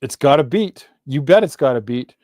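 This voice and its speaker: A man teaching a live online literature class in a casual, chatty way, often correcting himself and reading verse slowly to stress its rhythm. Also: mid-range voice, expressive, darkish tone, dry recording, clean studio sound.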